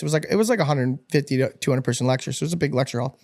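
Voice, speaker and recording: A young male podcast guest from upstate New York tells stories casually in a rapid-fire, pumped-up way with a higher-pitched voice. He's energetic and animated, swearing and laughing often.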